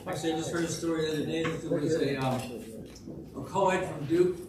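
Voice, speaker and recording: At a Rotary club meeting, a man tells folksy jokes and stories in a chatty way, his voice a little high and fast. The recording sounds distant, in an echoey room with background noise.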